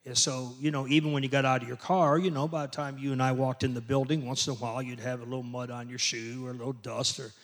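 An older man, a pastor, preaching a sermon in an emphatic way that builds to loud peaks. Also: mid-range voice, steady tone, fast talker, few pauses.

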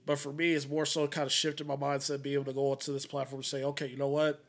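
A man's voice: medium pitch, flat delivery, very fast. A man hosting a casual podcast chat, rambling through stories with lots of fillers and restarts. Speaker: podcast host.

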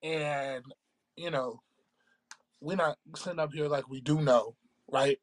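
A man co-hosting a casual podcast, talking in a measured, reflective way and often checking in with "right?". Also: fairly high pitch. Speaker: podcast co-host. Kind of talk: casual chat.

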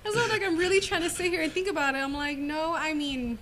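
A woman's voice: sits high, quick pace, a bit bright, a little hiss or hum. A woman in a casual podcast chat, speaking candidly and filling her speech with "like".

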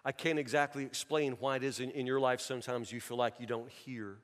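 A man's voice: medium pitch, steady tone, a little fast. A man preaching a sermon as a pastor, telling a story in an earnest, pleading way and often repeating words. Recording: long reverb in a large hall.

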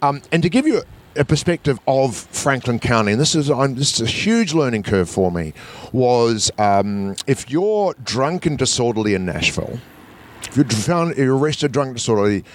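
A man's voice: mid-range voice, expressive, moderate pace. A man from New Zealand with a New Zealand accent, a guest telling a story casually, acting out the voices of the people he quotes, with frequent restarts.

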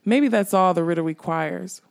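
A woman's voice: lowish voice, normal speed, gravelly. A woman reading an audiobook, voicing a frustrated, urgent male magician. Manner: urgent, exasperated.

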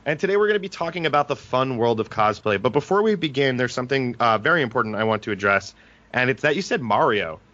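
A man's voice: mid-range voice, expressive, fast talker, fairly bright tone, muffled recording. A man hosting a podcast, an attorney, talking in a casual, joking and talkative way.

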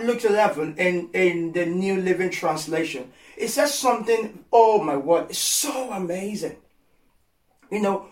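A male preacher with a fairly high voice delivers an impassioned sermon. He repeats phrases for emphasis and moves between hushed comfort and loud pleading. The sound is roomy and echoey, picked up from some way off the mic. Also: recorded from a distance.

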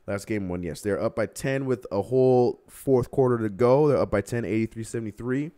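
A man's voice: mid-range voice, a little fast, dark tone. A young man hosting a casual basketball livestream, ranting heatedly and laughing at himself. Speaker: livestream host. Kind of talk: casual sports talk livestream.

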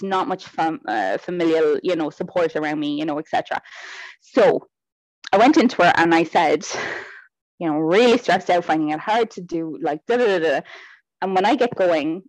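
A woman, a guest in a casual interview, chatting in a lively way that drifts off on tangents. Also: fairly low pitch, no echo, low-quality recording. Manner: chatty, goes off on tangents, animated.

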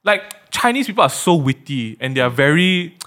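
A male podcast host talks in a casual, playful way. His voice is bright and lively and rides up and down a lot. It sits a little higher than most men's. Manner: animated, playful, quick to laugh.

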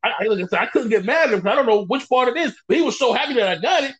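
A man's voice: extremely high pitch, very fast, breathy edge, lo-fi sound. A man as a podcast guest, animatedly telling stories and acting out what people said. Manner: animated storyteller acting out quotes. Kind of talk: casual conversation.

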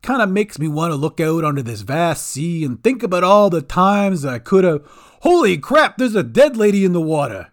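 A brash little male goblin, voiced by a man, blurts out everything loudly and cracks jokes. The voice sits a bit higher than the narrator's own and swings lively. It belongs in a storybook audio drama. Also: normal speed, hardly any pauses, lightly acted. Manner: loud, wisecracking.

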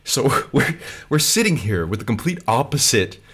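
A man's voice: medium pitch, big pitch swings, normal speed, a bit bright, breathy edge. A man hosting a casual chat, laid-back and jokey, dropping slang as he talks to his guest. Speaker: podcast host.

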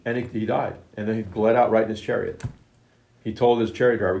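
A man preaching a sermon, emphatic, retelling scripture in plain everyday words with a gravelly voice. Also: fairly low pitch, fairly even intonation, quick pace, a little mellow. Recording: echoey room.

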